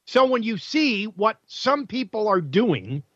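A man's voice: sits high, big pitch swings, slow pace, a bit bright, no room sound, muffled recording. A male talk radio host delivering an opinionated, combative monologue full of sarcasm and rhetorical questions.

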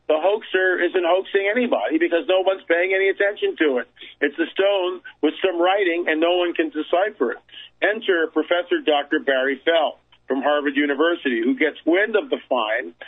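A man speaking as a guest on a call-in radio show, telling a story with emphatic, repeated phrases. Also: a little high. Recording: tinny phone line.

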